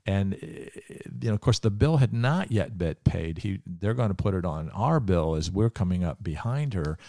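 A man's voice: low-pitched, expressive, moderate pace, vocal fry, dark tone, no room sound, studio quality. A man from Ohio, a pastor and podcast host, telling a story in an earnest, emphatic preaching way with frequent filler words.

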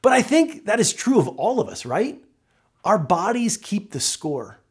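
A man preaching a sermon, reading scripture aloud and then talking it through in an expressive, conversational way, often restarting his phrases. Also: sits high, measured pace, husky. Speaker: pastor.

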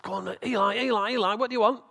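A man's voice: fast talker, creaky, sharp tone, in a large hall, heavily acted. A man voicing an eager young boy, startled awake and calling out urgently in a storytelling sermon. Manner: high urgent repeated calls.

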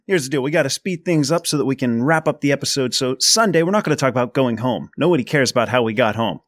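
A man's voice: medium pitch, quick pace, dry recording, clean studio sound. A man hosting a casual podcast chat, steering the conversation. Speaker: podcast host.

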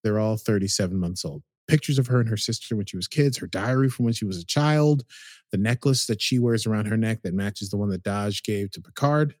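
A man's voice: fairly low pitch, no room sound. Dry, chatty man recapping a show. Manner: animated storytelling, slips into quick quoted voices. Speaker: podcast co-host recapping a TV episode. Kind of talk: casual recap chat.

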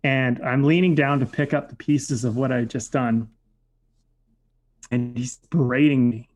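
A man's voice: medium pitch, fairly even intonation, measured pace, a little mellow. Guy telling a story from his past, chatty, lots of likes, thoughtful. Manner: reflective, filler-heavy with frequent "like". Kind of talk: casual personal storytelling.

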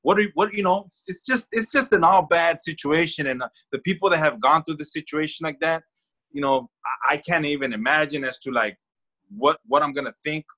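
A man's voice: on the high side, brisk, pushed and bright. A man co-hosting a casual talk show, emphatic and profane, repeating words as he argues. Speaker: co-host. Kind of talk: casual podcast chat.

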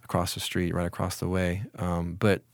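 A man in his forties, a former college football player, telling stories in a relaxed, reflective way during an interview, with many restarts. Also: low voice, moderate pace, gravelly, dry recording, clean studio sound. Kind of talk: casual storytelling in an interview.

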